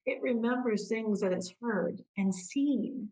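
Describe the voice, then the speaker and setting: A woman's voice: a little high, slow pace, mellow, far from the mic, poor audio. A woman coach giving a motivational self-help talk, explaining patiently and posing rhetorical questions to the listener. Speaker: coach who works with clients.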